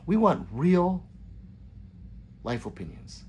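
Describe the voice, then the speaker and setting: A man's voice: on the high side, very animated, unhurried, long pauses. A man hosting a casual livestream, rambling and joking as he reads viewer comments aloud. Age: adult with children. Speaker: livestream host reading chat.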